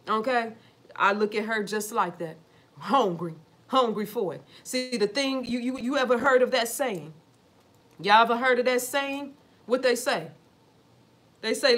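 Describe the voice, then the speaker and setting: Animated, cussing woman talking to camera. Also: on the high side, measured pace. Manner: animated, profane, preachy, full of rhetorical questions. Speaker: vlogger. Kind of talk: casual talk to camera.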